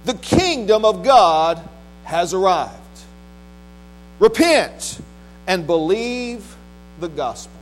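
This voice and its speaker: With a high voice that swings widely in pitch, this male pastor reads scripture in a measured, solemn tone and then preaches in plain language, restarting a few times. The recording is poor and carries faint mains hum.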